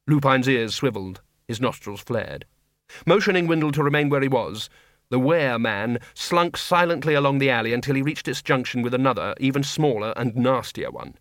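A man narrating an audiobook with a wry, expressive reading. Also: medium pitch, normal speed, dry recording, clean studio sound.

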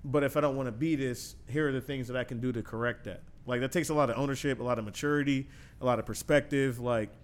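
A man's voice: medium pitch, steady tone, quick pace. A man hosting a podcast, speaking thoughtfully and affirming his guest, with frequent casual fillers. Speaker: podcast host. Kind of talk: reflective podcast conversation.

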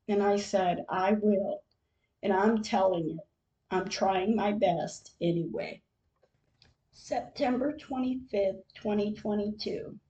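Slow, soft-toned woman reading her diary. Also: mid-range voice, highs cut off. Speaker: podcast host. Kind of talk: reading diary entries aloud.

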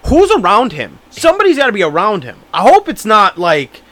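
A man's voice: high voice, wildly swooping pitch, a little fast, a bit bright, no room sound. A young man co-hosting a podcast in easygoing, hesitant casual chat. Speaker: podcast co-host.

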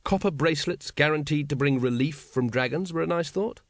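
A man's voice: on the high side, brisk, dry recording, clean studio sound. Man narrating a comic audiobook drily. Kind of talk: scripted narration.

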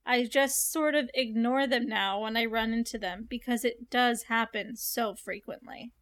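A young woman hosting a casual chat, reading a story aloud and reacting with animated, curious asides. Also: fairly high pitch, measured pace.

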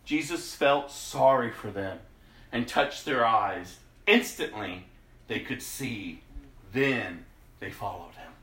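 A man preaching a sermon, reading scripture aloud and speaking emphatically, often dropping to a hush. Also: lowish voice, expressive, distant mic. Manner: slow, emphatic, drops to a hush. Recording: roomy echo.

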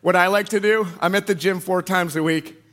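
A man preaching a sermon, telling personal stories in an animated, conversational way and asking the audience questions. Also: high-pitched, brisk. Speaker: pastor.

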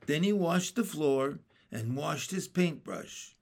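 A man reading a children's chapter book aloud in a steady, plain storybook narration. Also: a little high, slow, creaky, few pauses.

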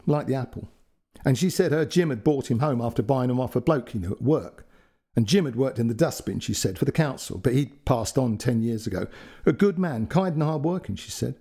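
Husky man telling a story. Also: mid-range voice. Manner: chatty, warm anecdotal storytelling with asides. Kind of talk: first-person story narration.

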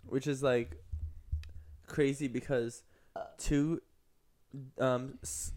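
A man's voice: medium pitch, fairly even intonation, extremely slow, pauses often, darkish tone. A young man co-hosting a casual podcast, rambling and goofy with lots of "like" fillers. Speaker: podcast co-host. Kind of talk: casual chat.

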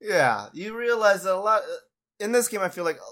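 A man's voice: high-pitched, sing-song, normal speed, a bit bright. A young man co-hosting a podcast, laid-back and laughing along in casual chat. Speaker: podcast co-host.

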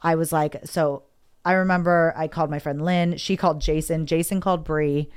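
A woman with a slightly low voice tells a personal story candidly. She rambles and repeats herself, with emotion running through her talk. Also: steady tone, moderate pace, clean tone. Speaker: guest.

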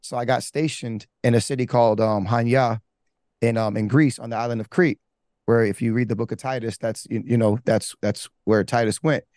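A man's voice: mid-range voice, steady tone, a little fast, darkish tone, dry recording, studio quality. A man, a pastor, telling his life story candidly in a rambling, casual way with slang and restarts. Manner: rambling, with many restarts and fillers. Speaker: pastor giving his testimony. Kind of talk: candid personal testimony.

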